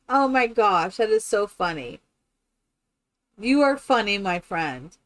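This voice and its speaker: A woman's voice: medium pitch, a bit bright. A woman streaming a game live, chatting casually with viewers in a rambling, exclamatory way. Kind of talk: casual live-stream chat while playing.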